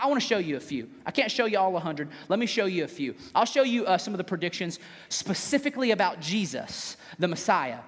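A man, preaching a sermon in a casual, animated way and dropping his voice for dramatic scripture readings. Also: high-pitched. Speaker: pastor. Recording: echoey hall.

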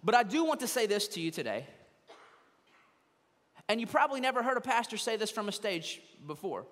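A man's voice: high voice, very animated, fairly quick, a bit bright, long reverb tail. A man preaching a conversational sermon from a church stage, slipping into quoted voices of churchgoers. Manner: conversational, mimics people in quoted asides. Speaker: pastor. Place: church sanctuary, also streamed online.

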